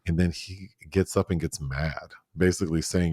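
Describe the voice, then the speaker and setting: A man's voice: low-pitched, normal speed, a little mellow, husky, no room sound, clean studio sound. A man co-hosting a review podcast, chatting casually through a show recap, laughing and acting out the characters' lines. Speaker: film review podcast co-host.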